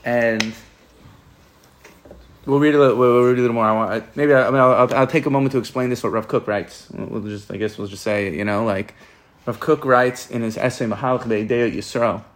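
A man's voice: mid-range voice, fairly even intonation, brisk. A man giving an informal Torah class, rambling and often restarting and repeating his words. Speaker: Torah teacher.

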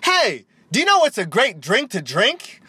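A man's voice: huge pitch swings, bright, forceful tone, slightly rough, exaggerated voice. A man voicing an overexcited male energy-drink ad announcer in a mock commercial. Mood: hyped. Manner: overexcited, drawn-out salesman pitch.

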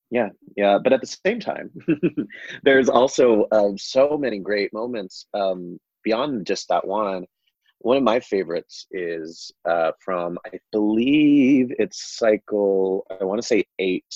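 A man's voice: fairly low pitch, animated, unhurried, a little mellow, no echo, dull audio. A man hosting casual chat, rambling with lots of fillers and frequent laughs.

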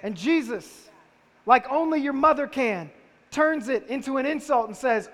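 A man's voice: very high voice, expressive, moderate pace, a bit bright. A man preaching a sermon in a conversational style, firing off rhetorical questions at his listeners. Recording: long reverb of a large hall.

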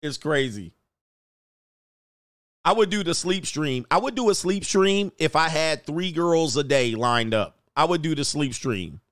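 In a dry, studio-quality recording, a middle-aged man with a fairly high voice talks a little slowly. He runs a casual livestream, reading out chat comments, performing quoted voices, and laughing a lot in a loose, animated way.

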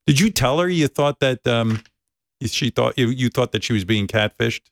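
A man's voice: mid-range voice, normal speed, no echo. A man hosting a talk radio show, wry and teasing as he sets up the segment.

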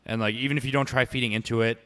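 A young man with a smooth, resonant voice rants in casual conversation with a friend. He swears constantly and gets animated and loud as he vents his frustrations. His tone is heated and exasperated throughout. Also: mid-range voice, racing. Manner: profane, ranting, animated. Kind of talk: casual chat.

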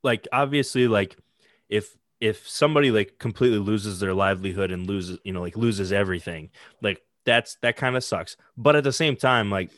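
A man's voice: on the low side, moderate pace, fairly bright tone, no echo, studio quality. A man chatting casually, rambling with lots of "like" fillers and some swearing. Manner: rambling, heavy use of "like", swearing. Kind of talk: casual chat.

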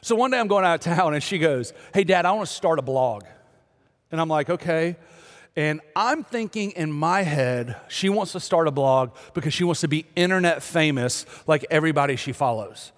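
A man's voice: on the high side, animated, normal speed. A man preaching, telling a joking story about his family before turning earnest and urging the listeners. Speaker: pastor. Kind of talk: sermon with humorous story. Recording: long reverb of a large hall.

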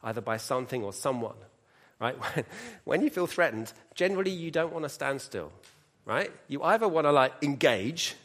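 A man's voice: mid-range voice, animated, normal speed, fairly bright tone. A middle-aged man preaching a sermon, mixing scripture with humorous personal stories and asides to the congregation.

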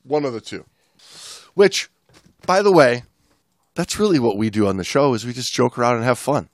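A chatty man with a Midwestern American accent hosts a casual podcast, talking through listener mail in a relaxed, joking way. His voice sits in a middle range and is recorded close and dry on a podcast mic. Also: medium pitch, moderate pace, no room sound. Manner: chatty, reads listener mail aloud, laughs at own jokes. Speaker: podcast host. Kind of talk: casual chat.

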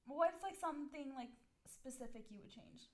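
A woman's voice: high voice, animated, normal speed. A young woman in casual chat with a friend, chatty, laughing often and using lots of fillers.

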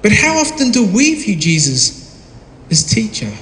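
In a big hall with long, ringing reverb and faint ambient noise underneath, a high-voiced man preaches a sermon. He fires questions at his audience and acts out other voices in quotes. His pitch swings hugely while his pace stays measured, and his tone is fairly bright.

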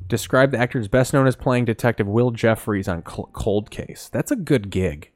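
A man's voice: medium pitch, moderate pace, darkish tone, no room sound. A man co-hosting a casual movie commentary podcast, blunt and crude, reading off trivia. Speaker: podcast co-host.

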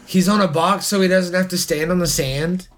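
A man's voice: high voice, moderate pace. A young man co-hosting a podcast, mocking a video with incredulous, profane jokes. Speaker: podcast co-host. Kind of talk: casual comedic commentary.

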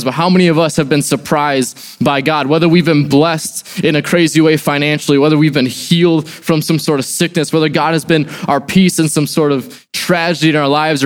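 A young man from the Midwestern United States, giving a sermon as a pastor and telling a personal story in a quick, conversational way, full of "like" and "right?". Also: fairly high pitch.

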